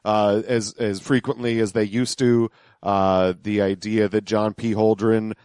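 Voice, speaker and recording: A man's voice: lowish voice, flat delivery, measured pace, darkish tone, clear, resonant tone, no room sound. A man co-hosting a podcast, talking casually about radio clips with lots of fillers and restarts. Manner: hesitant, many fillers and restarts. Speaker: podcast co-host.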